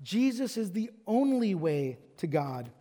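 Emphatic high-voiced male preacher in a hall. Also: big pitch swings, unhurried, warm tone. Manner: emphatic preaching, repeated rhetorical questions. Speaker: pastor. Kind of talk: sermon. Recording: long reverb of a large hall.

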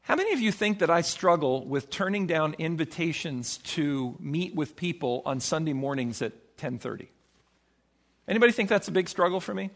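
A man preaching a sermon as pastor, emphatic, acting out quoted voices with sudden swings in pitch. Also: lively intonation, fairly quick, fairly bright tone.

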